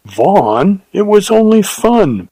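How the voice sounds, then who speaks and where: A man's voice: high-pitched, very animated, takes it slowly, warm tone, slightly rough, pitched above the performer's own voice, full character voice, low-quality recording. A man voicing a proud, spirited young woman with an imperious, teasing manner in a read-aloud western story.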